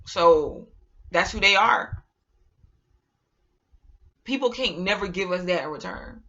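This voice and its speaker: Bright-voiced chatty woman vlogger. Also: fairly low pitch, takes it slowly, muffled recording. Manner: animated, chatty, rambling, slangy. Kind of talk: casual monologue to camera.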